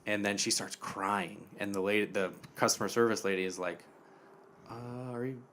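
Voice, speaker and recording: A young man co-hosting a podcast, casually retelling a TV episode and acting out the characters' lines in quiet quoted voices. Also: on the low side, fairly even intonation, brisk, a little hiss or hum. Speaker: podcast co-host.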